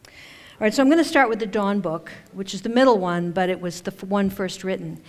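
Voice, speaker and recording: A woman's voice: medium pitch, a little fast, a little mellow. A woman giving a chatty, conversational talk at a conference, with self-deprecating humor. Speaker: conference speaker and author. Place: conference hall stage. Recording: long hall reverb.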